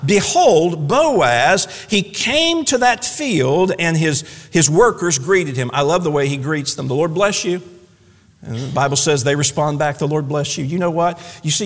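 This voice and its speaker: A preacher delivers a folksy sermon with his voice set high for a man. His pitch swings widely from phrase to phrase. The long reverb of the church hall trails behind every line. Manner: folksy, animated preaching with playful asides. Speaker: pastor. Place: church sanctuary.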